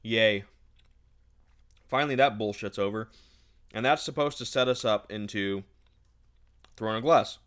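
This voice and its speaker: A man's voice: on the low side, measured pace, long pauses, fairly bright tone. Sarcastic man ranting about a book. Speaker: book reviewer. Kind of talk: casual sarcastic book recap.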